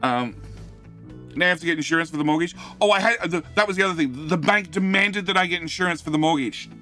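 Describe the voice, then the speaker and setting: Over faint music, a middle-aged man from Australia speaks fast in a fairly high, bright, forceful voice with a light Australian accent. Live-streaming a game, he rambles and pokes fun at himself, reading chat aloud and replying with lots of fillers and restarts.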